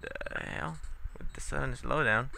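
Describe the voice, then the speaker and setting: A man's voice: medium pitch, a little slow, vocal fry, sharp tone, a little hiss or hum. A young man giving casual, sarcastic let's-play commentary, swearing often and muttering in frustration at the game.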